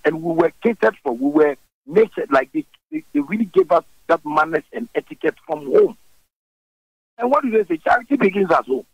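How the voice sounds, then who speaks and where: A Ghanaian man answers questions in a radio interview, his voice high and rough with a gravelly edge. He talks in forceful bursts that swing widely up and down, mixing languages as he goes. The sound is close and dry. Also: no echo, rough recording. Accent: Ghanaian English. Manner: animated and forceful, switching languages mid-sentence. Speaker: interview guest, musician.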